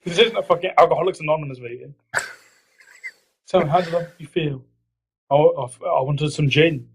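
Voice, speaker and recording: This man hosts a laid-back podcast conversation, wandering off topic, laughing, cursing and doing joke impressions. He speaks at an ordinary pace against background noise, and the recording quality is poor.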